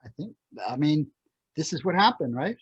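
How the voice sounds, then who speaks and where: A male host asking questions haltingly, often restarting them. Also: fairly high pitch, sing-song, husky, dry recording. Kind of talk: interview. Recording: dull, dry, lo-fi recording.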